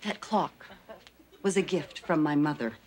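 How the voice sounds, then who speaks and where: A woman's voice: low voice, measured pace. A woman playing an exasperated, scolding mother in a 1980s sitcom. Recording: hissy old TV tape with studio laughter.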